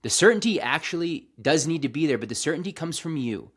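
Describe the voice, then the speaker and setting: A man hosting a reflective spiritual monologue, earnest and slow, speaking in a calming way with frequent restarts and some casual swearing. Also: a little high. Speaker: host.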